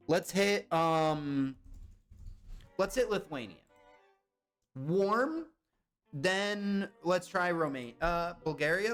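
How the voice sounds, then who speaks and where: Lively high-voiced young man streaming. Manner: chatty, reacting to chat with guesses. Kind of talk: casual live-stream chat.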